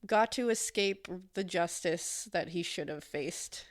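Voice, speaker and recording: A woman's voice: on the low side, measured pace. Congested woman podcast co-host. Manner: chatty, with frequent fillers and laughs. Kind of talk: casual true-crime chat.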